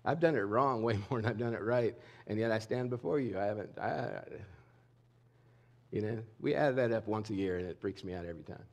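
A middle-aged male pastor preaching a sermon in a candid, conversational way, swinging between emphatic and hushed lines. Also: fairly low pitch, a little fast, muffled recording. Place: church sanctuary.

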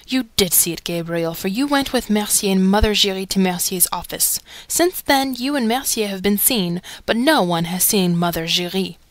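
An excitable male theatre secretary from an old novel, indignant and emphatic, read by a woman narrator. Her voice stays close and dry, with a middling pitch. Nothing around it suggests a room. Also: moderate pace, hardly any pauses, dry recording, close to an everyday voice. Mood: accusing.

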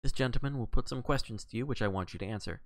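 A man reading aloud and voicing an earnest, agitated gentleman of a country house. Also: mid-range voice, quick pace, no room sound, natural voice. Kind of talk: audiobook character reading.

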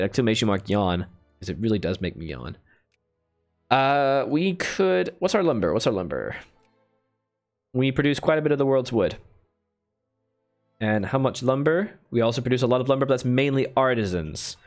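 Guy streaming a strategy game at his desk mic, rambling and chatty, faint game music under it. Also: mid-range voice. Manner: chatty, thinks aloud, thanks viewers with bursts of enthusiasm. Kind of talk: casual live-stream commentary.

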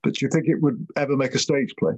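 A male interviewer asks brief questions in a husky voice. The sound is dry and close, with no room echo. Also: mid-range voice, fast, a little mellow. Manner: brief questions and short reactions.

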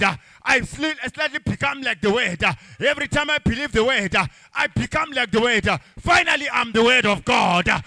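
High-voiced fervent male preacher. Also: vocal fry, no room sound. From Africa. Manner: fervent preaching with chanted, sung phrases and shouts. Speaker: pastor. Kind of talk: sermon.

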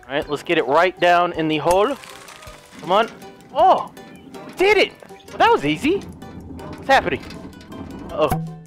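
A man's voice: high-pitched, a bit bright. A man giving hyper, jokey playthrough commentary as a gaming YouTuber, breaking into squealing outbursts.

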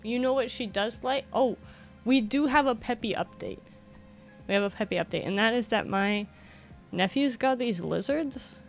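A woman's voice: a little high, moderate pace, faint music behind. A woman streaming from her home desk in a casual chat, coaxing her cat in a sing-song voice. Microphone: desk microphone.

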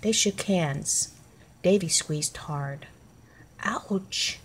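Brief: a woman reading a children's book aloud, low voice, slow and clear. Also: expressive, a little mellow, slight background noise. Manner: clear, deliberate. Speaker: storybook reader.

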